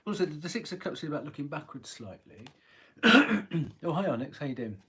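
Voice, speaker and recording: A man with a husky voice giving a live tarot reading, chatty and rambling, often clearing his throat. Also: fairly high pitch, big pitch swings, fairly quick, bright, forceful tone. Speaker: tarot reader.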